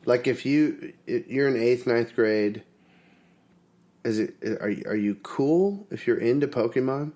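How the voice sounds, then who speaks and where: A middle-aged man hosting a podcast, chatting casually in a teasing, halting way full of fillers. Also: medium pitch, mellow. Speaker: podcast host. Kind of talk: casual chat.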